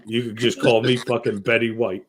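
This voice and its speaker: This is a middle-aged man riffing on a podcast, loose and profane. He tells stories at an ordinary mid pitch and keeps acting out what people said along the way. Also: normal speed, background noise. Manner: profane, animated, acts out quoted voices. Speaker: podcast co-host. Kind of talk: crude casual storytelling.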